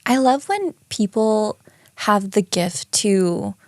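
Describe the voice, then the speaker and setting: A woman co-hosts a podcast and mostly listens, answering with short, affirming replies. Her pitch moves a lot as she talks, and the sound is close and dry. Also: big pitch swings, slow pace, a little mellow, dry recording. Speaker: podcast co-host. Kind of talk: casual chat.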